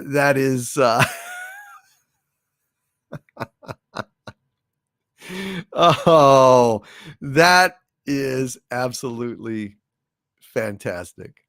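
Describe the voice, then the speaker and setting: A man's voice: medium pitch, no echo, clean studio sound. A man hosting a comedy livestream, casually reading out super chats and jokes, rambling with lots of fillers. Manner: rambling, with many fillers and chuckling asides.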